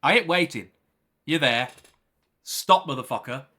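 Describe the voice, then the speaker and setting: A man with a fairly high, bright voice rants over clips on a livestream. His pitch swings up and down as he fires off rhetorical questions and swears freely. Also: a little slow. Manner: animated, profane rhetorical ranting. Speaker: livestream commentator.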